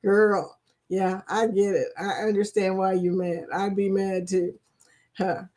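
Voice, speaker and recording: A woman's voice: medium pitch, fairly even intonation, measured pace, mellow. Woman, Kentucky accent, livestream host, casual chat, teasing, laughs a lot. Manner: chatty, laughs often, teasing. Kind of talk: casual chat greeting viewers.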